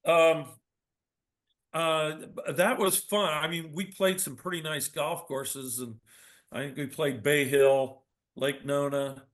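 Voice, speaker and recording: A man chatting casually about fond memories, pausing and restarting as he searches for details. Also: fairly high pitch, fairly even intonation, fairly bright tone. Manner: reminiscing, hesitant with restarts and chuckles. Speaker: guest. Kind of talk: casual chat.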